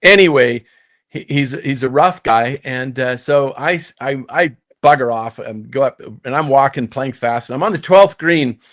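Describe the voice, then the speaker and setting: Animated storytelling man, middle-aged. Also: medium pitch, normal speed. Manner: animated, shifting between hushed and emphatic. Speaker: podcast guest, former pro golfer. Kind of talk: casual storytelling in conversation.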